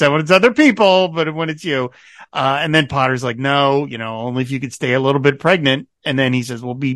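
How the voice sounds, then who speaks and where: A man's voice: mid-range voice, dry recording, studio quality. A man co-hosting a podcast in casual chat, recapping a TV episode with frequent laughs and quoted lines. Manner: animated, laughing often, quoting characters. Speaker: podcast co-host.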